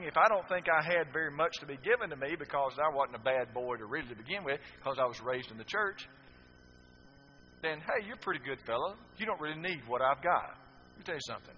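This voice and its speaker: A male preacher delivering a sermon emphatically, swinging from loud declarations to hushed, drawn-out phrases. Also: a little high, lively intonation, slight background noise. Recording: dull lo-fi sermon recording.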